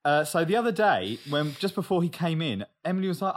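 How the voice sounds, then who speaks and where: Lively, swearing podcast co-host. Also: medium pitch, brisk. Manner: animated, swears freely, acts out other people's voices. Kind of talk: casual podcast chat.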